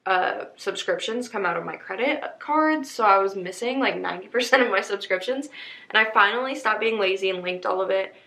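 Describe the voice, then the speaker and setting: A woman's voice: medium pitch, a bit bright. Podcast host, woman in her twenties, chatty and upbeat, mid-range voice, echoey room. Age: 20s. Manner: chatty, upbeat, talks straight to listeners. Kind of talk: casual chat.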